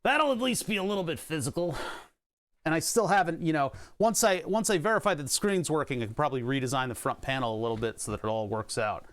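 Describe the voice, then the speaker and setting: A man's voice: on the high side, expressive, fast, a bit bright. Rambling, joking male streamer. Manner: rambling, joking, self-mocking. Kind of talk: casual livestream chat while working on electronics.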